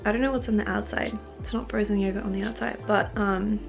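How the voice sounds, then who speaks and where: A woman's voice: medium pitch, steady tone, fast, gravelly, music in the background. An Australian woman around thirty chatting casually to camera at home in her vlog, full of "like" fillers. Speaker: lifestyle vlogger.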